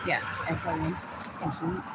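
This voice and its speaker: A woman hosting a livestream, chiming in with quick remarks and religious affirmations during a guest's story. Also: deep voice, steady tone. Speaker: livestream host. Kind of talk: casual chat. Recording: noisy background.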